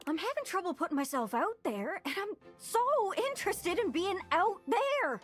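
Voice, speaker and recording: A woman's voice: extremely high pitch, very animated, moderate pace, faint music behind. An actress voicing a chatty, lonely globe woman in a video game, with a Newfoundland accent and a rambling, folksy, over-eager way of talking. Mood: chatty wistful. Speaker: game character.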